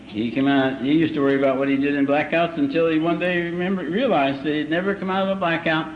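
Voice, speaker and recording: An older man giving a recovery meeting talk, telling his story with dry, self-mocking humor and slow, deliberate timing, in a muffled old live recording. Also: a little high, fairly even intonation, slight background noise. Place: meeting hall.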